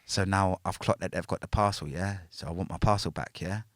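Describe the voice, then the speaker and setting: A man's voice: sits low, brisk, dry recording, studio quality. A man, a podcast guest telling a story in casual talk, packed with slang and tags like "yeah?" and "innit". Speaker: podcast guest, former prisoner.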